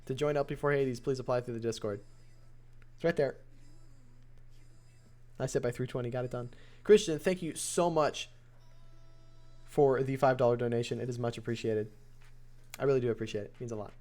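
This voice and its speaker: A man's voice: mid-range voice, steady tone, fairly quick, long pauses, a little mellow. A man hosting a casual live stream, chatting, laughing often and thanking donors as he comments on matches. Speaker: streamer and host.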